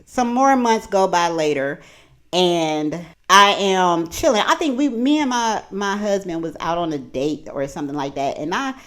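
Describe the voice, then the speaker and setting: A woman vlogger telling a storytime in casual chat, animated and profane, talking from her home kitchen. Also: on the low side, moderate pace.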